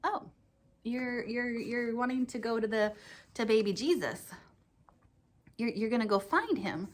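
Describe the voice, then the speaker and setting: A woman's voice: on the high side, expressive, unhurried, a little hiss or hum. A woman teaching a children's church lesson, speaking in a sing-song, exclaiming way as she chats with a dog puppet.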